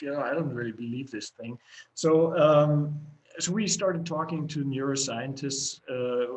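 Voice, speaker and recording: A man's voice: fairly high pitch, poor audio. Chatty rambling middle-aged man. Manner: chatty, rambling, frequent fillers and restarts. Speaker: company co-founder and CEO. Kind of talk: casual spoken interview.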